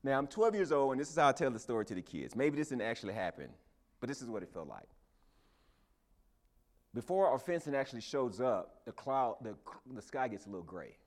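A preacher telling a personal story in a sermon, with lots of fillers and false starts. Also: male voice, medium pitch, a little fast. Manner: animated, hesitant storytelling with many fillers.

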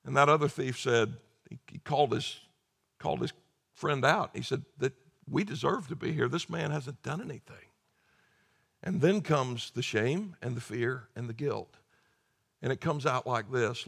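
A man's voice: mid-range voice, moderate pace, creaky, breathy edge. A man preaching a sermon as pastor, earnest and emphatic, often repeating words as he starts a phrase.

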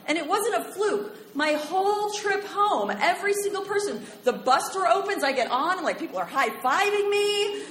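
A young American woman telling a personal story live on stage in a bar, chatty and animated, with many fillers. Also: high voice, moderate pace, hardly any pauses, some chatter behind, slight background noise. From United States. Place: bar stage before an audience. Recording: echoey live room.

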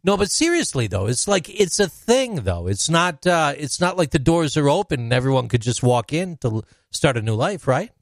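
A man's voice: on the high side, very animated, normal speed, hardly any pauses, no echo, studio quality. A man hosting a podcast, playful and teasing in casual chat. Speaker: podcast host.

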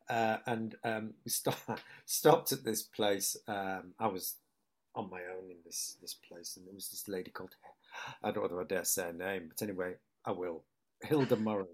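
A man from Hull, England, with a northern English accent and a voice on the low side, is an actor telling stories in a relaxed interview. He's a chatty storyteller who keeps restarting and breaks into quick, lively impressions of other people in this casual, anecdotal chat.

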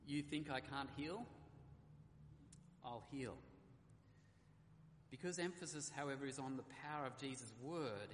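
A man's voice: mid-range voice, a little hiss or hum. Man preaching in an echoey hall. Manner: earnest preaching, reads scripture aloud with emphasis. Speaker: pastor. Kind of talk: sermon. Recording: echoey hall with faint ambience.

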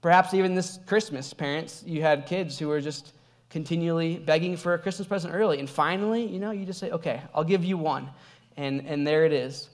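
A young adult man, a pastor, preaching a sermon in a conversational, animated way, telling a personal story with laughs. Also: a little high, brisk.

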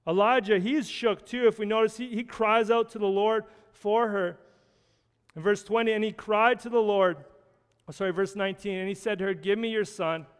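A man's voice: high voice, fairly even intonation, normal speed, smooth, in a large hall. A man preaching a sermon in an earnest, conversational way, often restarting phrases as he reads and explains scripture. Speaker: pastor.

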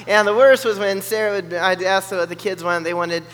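High-voiced guy telling a story, animated, doing everyone's voices, bright tone. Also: brisk. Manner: animated, acts out the other people's voices. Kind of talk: personal storytelling. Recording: long hall reverb.

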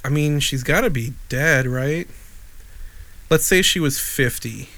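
A man's voice: medium pitch, a little slow, bright, forceful tone. A middle-aged man from Illinois co-hosting a podcast, chatting casually and telling a rambling story full of restarts and dry asides. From Wheeling, Illinois, USA. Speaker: podcast co-host. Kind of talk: casual chat.

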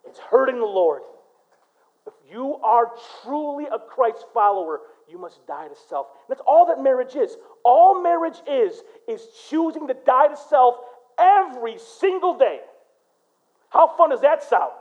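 Guy pastor from michigan preaching in church, goes loud then real quiet, kinda muffled lo-fi sound. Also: very high voice, a little slow. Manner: animated preaching, swinging between loud punches and quiet storytelling. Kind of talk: sermon.

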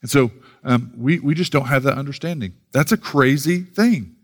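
A man's voice: mid-range voice, moderate pace. Earnest man preaching a sermon. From United States. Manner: earnest, repeats words when starting sentences, reads scripture aloud. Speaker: pastor.

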